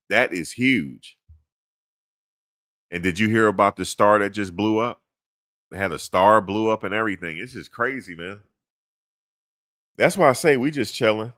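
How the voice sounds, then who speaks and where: Laid-back deep-voiced man rambling. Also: moderate pace, sharp tone, dry recording, clean studio sound. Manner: laid-back, rambling, chuckles at own jokes. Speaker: podcast host. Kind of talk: casual chat.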